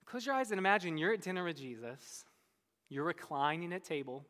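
A pastor preaching a sermon with animated storytelling, often repeating words as he starts sentences. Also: brisk, big-room sound. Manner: animated storytelling, voices quoted speakers with big pitch jumps.

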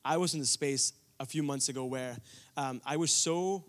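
A man's voice: mid-range voice, moderate pace. A young man from India preaching a sermon, telling a personal story earnestly, with frequent restarts.

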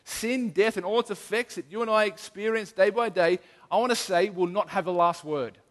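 A man's voice: sits high, normal speed, fairly bright tone. A middle-aged man preaching an earnest, emphatic sermon as a pastor, often restarting his sentences. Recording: long hall reverb.

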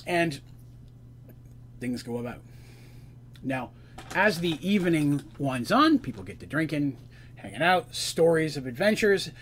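A man's voice: fairly high pitch, very animated, a little slow, long pauses, a bit bright, a little hiss or hum. A man narrating a tabletop game as game master, in a loose, conversational retelling.

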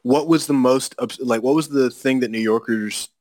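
A man's voice: medium pitch, normal speed, darkish tone. A man hosting a podcast interview, easygoing, asking prompting questions and laughing often. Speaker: podcast host. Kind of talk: casual interview chat.

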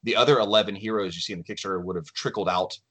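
A man with a fairly low voice talks as a podcast guest. He is easygoing and self-deprecating, working through his thoughts out loud in relaxed conversation. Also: rapid-fire. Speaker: lead game developer, podcast guest. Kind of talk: casual podcast chat.

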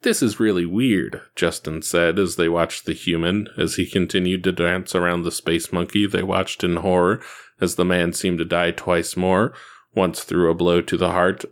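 A man reading an action story aloud in a steady, even narration. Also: low voice. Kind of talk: reading fan fiction aloud.

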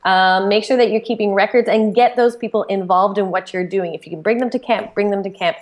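Woman co-host, mid-pitched, chatty, enthusiastic, lots of ums and uhs. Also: fairly even intonation, a little fast. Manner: chatty, enthusiastic, many fillers. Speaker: podcast co-host. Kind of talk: casual podcast chat.

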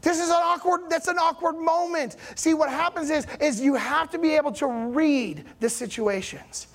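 Animated male pastor preaching casually. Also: extremely high pitch, normal speed. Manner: chatty, keeps checking in with the congregation; animated, rising emphasis on key points. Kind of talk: conversational sermon. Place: church.

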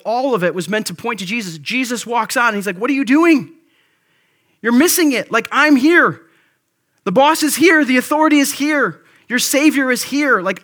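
High, bright-voiced pastor preaching casually. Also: male voice. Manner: conversational, with frequent "like" and "right?". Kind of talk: sermon.

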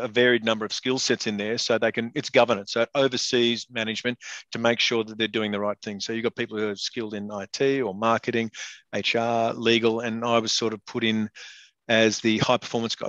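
A man's voice: fairly low pitch, level tone, quick pace, fairly bright tone, dry recording, highs cut off. A middle-aged man, a former rugby player, chatting bluntly and casually in an interview, swearing freely and calling everyone mate. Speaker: guest, former professional rugby player and state rugby board member.

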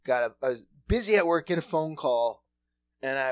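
A man co-hosting a casual podcast, telling a story in an animated, profane way. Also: medium pitch, moderate pace. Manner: animated, profane, lots of fillers.

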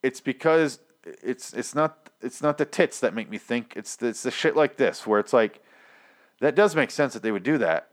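A man's voice: medium pitch, normal speed. A man hosting a casual solo podcast, rambling and swearing freely as he recaps a TV series. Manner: rambling, profane, animated. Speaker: podcast host.

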